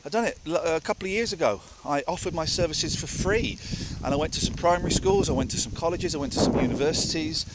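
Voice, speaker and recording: Heavy background noise surrounds a man talking fast in a slightly high voice as he live-streams outdoors on a countryside hill walk. Breathless from the climb at times, he answers viewers candidly and emphatically, repeating phrases for effect.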